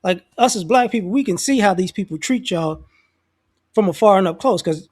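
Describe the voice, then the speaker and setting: A man's voice: high voice, animated, normal speed, darkish tone. A man talking off the cuff in a loose, slangy way, restarting his sentences as he shares his views on society. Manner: acts out other people's voices in quotes. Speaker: commentator. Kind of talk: casual social commentary monologue.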